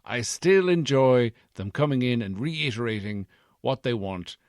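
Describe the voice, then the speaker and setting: A man's voice: medium pitch, expressive, unhurried, darkish tone, no room sound, studio quality, voice pushed up, natural voice. A man voicing a bumbling, self-important old Santa Claus whose accent keeps shifting between Midlands and posh English, rambling and evasive. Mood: pompous rambling. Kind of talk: comedy podcast sketch.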